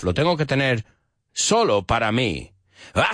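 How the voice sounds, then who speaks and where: A man's voice: fairly low pitch, very animated, normal speed, fairly bright tone, dry recording. Guy teaching english off a pop song, voice bouncing way up and down, dry close sound. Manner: explains lyrics, sings snippets, switches to Spanish translations. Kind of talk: bilingual English lesson with song lyrics.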